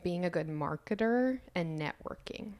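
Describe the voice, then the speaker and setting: A woman guest on a casual podcast, a marketer who teases the host in a lively, bossy way. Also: lowish voice, a little slow.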